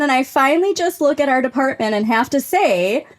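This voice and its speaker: Lively high-voiced woman reading a story. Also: fairly quick, slight background noise. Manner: laughing, animated storytelling. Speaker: podcast co-host reading a listener story. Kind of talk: casual chat.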